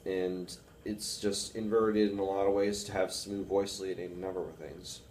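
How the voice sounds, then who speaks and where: A young man with a baritone voice, rambling casually to camera with many fillers about reading and analyzing music. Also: little pitch movement, moderate pace, a little mellow, far from the mic, a little hiss or hum. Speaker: music student vlogger. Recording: echoey room with faint music.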